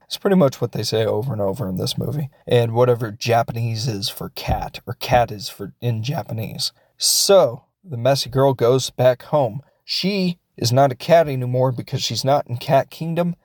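A man of middle pitch tells a film's story in a loose, joking way, chuckling and dropping into quick voices for the characters. The recording is close and dry, with no room sound. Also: no room sound. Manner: animated retelling, acting out characters' lines in quick voices; jokey, offhand, with chuckles. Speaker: film reviewer and show host. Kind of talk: casual film recap and review.

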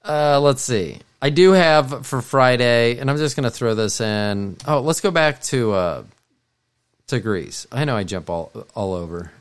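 A middle-aged man co-hosts a podcast, his mid-range voice smooth and expressive at a measured pace. He rambles casually in a meandering monologue, often restarting and correcting himself.

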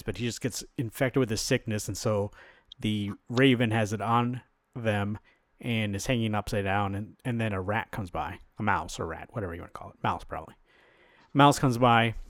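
A man's voice: fairly low pitch, moderate pace, dry recording, clean studio sound. A man co-hosting a podcast, casually retelling a comic book plot, acting out the characters' lines and swearing now and then. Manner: animated storyteller, acts out quotes, swears casually. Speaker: podcast co-host.

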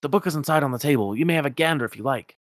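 A man's voice: on the high side, racing, dry recording, clean studio sound, pitched above the performer's own voice, lightly acted. A man voicing a fussy old male wizard with cranky, theatrical outbursts. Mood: knowing.

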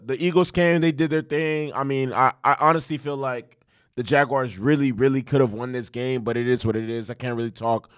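A young man giving a casual football recap that turns into a heated, profane rant, with many restarts and fillers. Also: medium pitch. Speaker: sports commentator, football fan.

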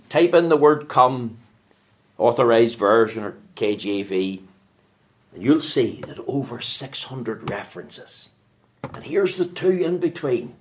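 A man preaching a sermon in a church, swinging from loud fervent calls to low hushed asides. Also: slight background noise.

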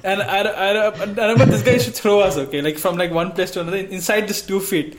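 High-voiced young man telling stories. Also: quick pace. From India. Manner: animated storyteller, laughs while telling stories. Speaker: podcast co-host. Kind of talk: casual chat.

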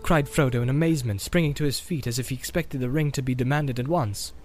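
A man reading a fantasy novel aloud as narrator, even and unhurried. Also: medium pitch, faint music behind. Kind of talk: audiobook narration.

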